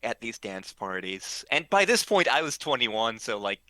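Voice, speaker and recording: A man's voice: medium pitch, very animated, sharp tone, no room sound. A man telling a casual story, full of ums and restarts and acting out what people said. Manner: halting, full of ums and restarts, acts out quoted lines.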